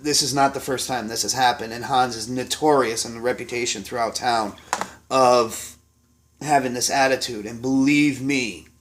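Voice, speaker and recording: A man's voice: medium pitch, steady tone, moderate pace, a bit bright, a little hiss or hum. A man in his forties, a chef, telling kitchen stories in a rambling, profane, casual way, full of ums and restarts. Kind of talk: casual storytelling to camera.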